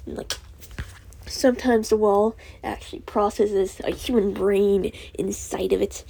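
A woman's voice: medium pitch, steady tone, unhurried, creaky, mellow. A young woman hosting a casual solo podcast, ranting in a profane, rambling way and laughing through her angry venting. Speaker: podcast host.

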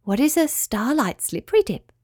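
A woman voicing a tiny, cheerful female spider in a storybook, bright and eager. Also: high voice, big pitch swings, moderate pace, pitched above the performer's own voice.

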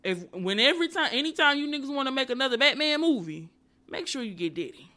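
A woman hosting a podcast, delivering a casual comedic monologue full of profanity and animated ranting, and speaking straight to her viewers and listeners. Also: high-pitched, fast talker. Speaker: podcast host.

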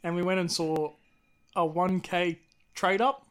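A man with a fairly high voice, co-hosting a casual podcast. He talks in a relaxed, easygoing way. He mostly answers in short words and sometimes tells a story himself. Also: unhurried, clear, resonant tone. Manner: relaxed, short agreeing replies. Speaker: podcast co-host. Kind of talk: casual chat.

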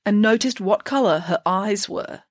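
Woman voicing a deadpan schoolgirl detective, crisp and dry. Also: medium pitch, unhurried, no echo, pitched above the performer's own voice. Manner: precise, dry, matter-of-fact. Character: clever deadpan teenage girl detective.

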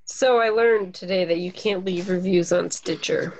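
A woman's voice: lowish voice, normal speed, a little hiss or hum. A woman co-hosting a podcast in casual chat, talking loosely and laughing often. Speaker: podcast co-host.

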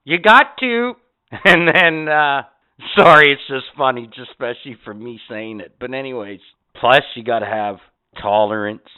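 A man's voice: medium pitch, moderate pace, clear, resonant tone. A man hosting a podcast, telling rambling stories full of swearing in a casual rant. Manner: profane, animated storytelling. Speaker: podcast host. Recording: tinny phone-like sound.

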